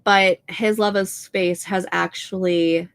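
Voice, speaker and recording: A woman's voice: on the low side, steady tone, takes it slowly, smooth. A young woman with a Minnesotan accent, hosting a writing livestream and chatting casually with lots of fillers. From American Midwest. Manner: chatty, many "like" and "um" fillers, laughs often. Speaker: livestream host reading chat. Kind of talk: casual chat.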